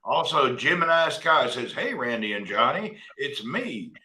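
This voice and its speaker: Folksy man, bright voice. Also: mid-range voice, animated, unhurried. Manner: folksy, joking, reads viewer comments aloud. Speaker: livestream host. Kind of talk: casual livestream chat. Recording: echoey room.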